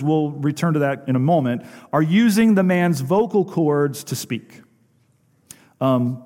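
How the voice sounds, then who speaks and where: A man's voice: a little high, darkish tone. Preaching man in a reverberant church. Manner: emphatic, asks the congregation rhetorical questions. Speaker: pastor. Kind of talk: sermon. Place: church sanctuary. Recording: long hall reverb.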